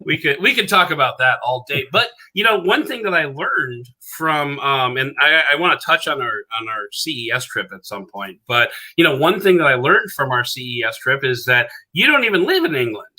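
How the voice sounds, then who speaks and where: A man's voice: medium pitch, sing-song, normal speed, few pauses, bright, forceful tone. A man hosting a podcast interview, chatting casually, rambling with lots of fillers and restarts and laughing at his own stories. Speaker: podcast host.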